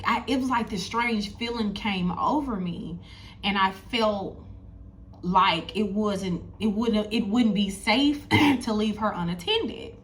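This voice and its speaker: A woman's voice: medium pitch, a bit bright, slight background noise. A woman, telling a personal story in a chatty vlog, talking straight to her viewers and circling back over her points. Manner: chatty, addresses viewers directly, repeats herself. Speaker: spiritual content creator.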